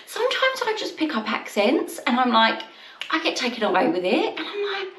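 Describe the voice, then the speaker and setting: A woman chatting casually in a haul vlog, rambling with quick asides. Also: high voice, big pitch swings, fairly bright tone, recorded from a distance. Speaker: haul vlogger. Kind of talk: casual chat. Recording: echoey room, mic set back.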